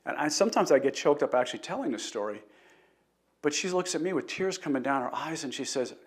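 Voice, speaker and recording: A man's voice: on the high side, lively intonation, quick pace. A middle-aged man hosting a live health talk, telling a patient story in an earnest way and greeting viewers. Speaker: chiropractor host.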